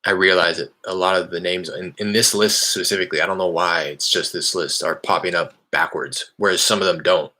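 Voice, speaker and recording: A man casually explaining real estate cold calls, rambling and candid, with an upbeat questioning pitch on the phone. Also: steady tone, brisk, few pauses, sharp tone. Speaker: real estate wholesaler cold calling sellers.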